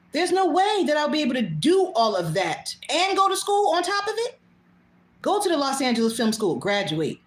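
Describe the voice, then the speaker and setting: A woman hosting her own show, talking bluntly and casually, swearing freely and laughing often. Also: high-pitched. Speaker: host. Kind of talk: casual monologue. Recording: echoey room.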